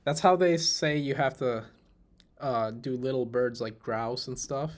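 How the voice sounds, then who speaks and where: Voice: mid-range voice, unhurried. Curious young podcast host asking questions. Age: 20s. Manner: curious, asks many questions, laughs often. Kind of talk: casual chat.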